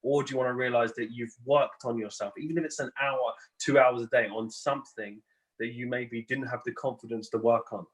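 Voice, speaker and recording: A man's voice: mid-range voice, fairly even intonation, a little fast, breathy edge. A man hosting a live stream, speaking in an encouraging, motivational way to his guest and viewers. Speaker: host.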